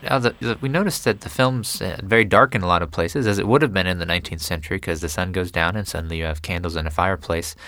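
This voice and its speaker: A man's voice: sits low, fast talker, hardly any pauses, a bit bright, dry recording, clean studio sound. A man interviewing a film director, asking eager, complimentary questions.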